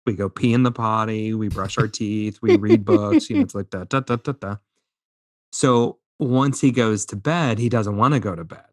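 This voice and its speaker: A man's voice: lowish voice, moderate pace, a little mellow, dry recording, studio quality. A man in his thirties co-hosting a podcast, telling a family story in casual chat, acting out his toddler and laughing as he goes. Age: 30s. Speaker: podcast co-host.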